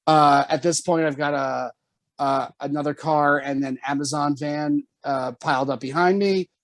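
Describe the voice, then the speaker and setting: A man telling a story on a casual podcast, animated and swearing often, jumping high when quoting himself. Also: moderate pace, no echo. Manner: animated, swears often, jumps to high pitch for quoted lines. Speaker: podcast co-host.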